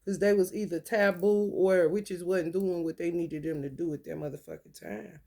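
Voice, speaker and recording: A woman talking casually to her viewers, telling animated, profane stories with frequent laughter. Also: fairly low pitch, moderate pace, vocal fry. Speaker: spiritual talk host.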